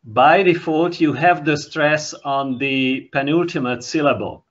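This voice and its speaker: A workshop participant giving brief, quiet replies and asking short questions. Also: mid-range voice, unhurried. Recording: dull audio with faint noise.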